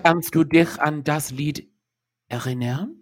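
A man's voice: on the high side, no echo, studio quality. A man hamming up a grand German count father. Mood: grand, tender. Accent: mock German. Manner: slow, grand, theatrical. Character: stern aristocratic father, a German-speaking count.

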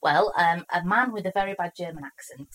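Woman podcast co-host, low voice, chatty, animated storyteller. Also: brisk, a little hiss or hum, rough recording. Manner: animated, acts out characters' lines while retelling. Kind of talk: casual chat recapping a TV episode.

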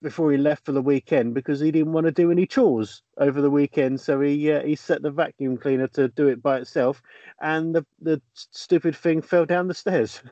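A man's voice: fairly high pitch, fairly even intonation, a little fast, mellow, no room sound, muffled recording. A man, co-hosting a podcast and telling a news story with a casual, teasing manner. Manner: storytelling with fillers and teasing questions. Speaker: podcast co-host reading news stories. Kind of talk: casual chat.

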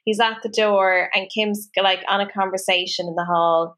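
A woman co-hosting a podcast, chatting casually and telling animated stories, laughing often. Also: mid-range voice, normal speed. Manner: animated storytelling, laughs often, acts out quotes. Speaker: podcast co-host. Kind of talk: casual chat.

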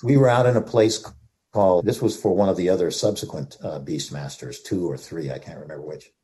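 An older man with a deep, mellow voice talks briskly. He's an actor appearing as an interview guest, vividly telling stories, acting out moments and repeating phrases for effect in animated anecdotes.

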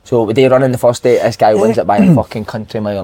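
A man, a podcast co-host and former footballer, telling a lively, swear-filled dressing-room story in casual chat. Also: medium pitch, quick pace, creaky, husky. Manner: swearing, animated anecdote-telling with put-on voices.

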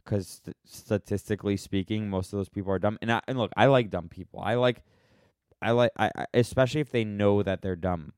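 Answering questions on his solo podcast, this somewhat low-voiced American rambles from idea to idea, interrupting himself mid-sentence with a wry, offhand tone. He talks fairly quickly in a slightly mellow voice, and the close recording is dry with no echo.

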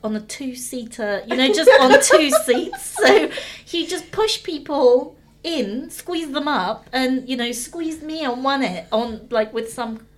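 Woman, animated anecdote teller, light higher pitch, frequent laughter. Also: unhurried. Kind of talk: storytelling anecdote.

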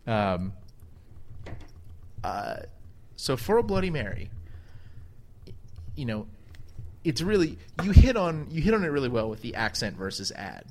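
A man's voice: mid-range voice, big pitch swings, measured pace, long pauses, a little hiss or hum. A man co-hosting a casual chat, rambling and hedging with many fillers and restarts. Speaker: podcast co-host.

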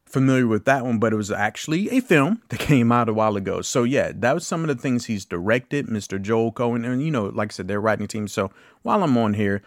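A man's voice: mid-range voice, lively intonation, fairly quick, no echo, clean studio sound. A man in his late thirties hosting a podcast, chatting casually about a film with loose asides and the odd curse word. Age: late 30s. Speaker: podcast host. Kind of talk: casual film review chat.

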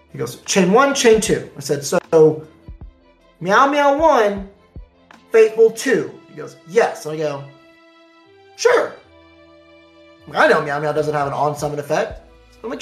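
A man's voice: a little high, reverberant. A man casually telling the story of his card game tournament, acting out the back-and-forth with opponents and judges. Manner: animated, acts out quoted exchanges.

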